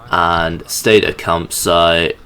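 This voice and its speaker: A man's voice: low voice, level tone, slow, pushed and bright, slight background noise. A young man narrating his hike in a rambling, sardonic, sweary voice-over. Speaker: hiking vlogger.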